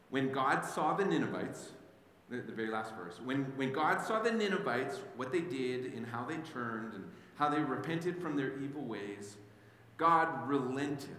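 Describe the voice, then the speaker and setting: Male pastor preaching in an echoing hall. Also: medium pitch. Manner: animated storytelling, with frequent repeated words. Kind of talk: sermon. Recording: echoey hall with faint ambience.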